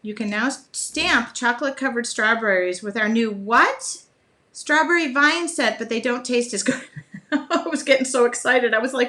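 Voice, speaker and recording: Woman, middle-aged, fairly high voice, chatty, laughs a lot, live craft demo host. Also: animated, normal speed, sharp tone. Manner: chatty, laughs often, talks while working. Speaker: art journaling host.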